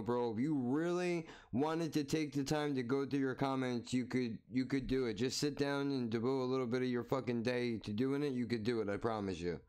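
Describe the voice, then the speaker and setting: A man's voice: medium pitch, darkish tone, clear, resonant tone. A man reacting to a video with exasperated, mocking, profane commentary, often repeating himself.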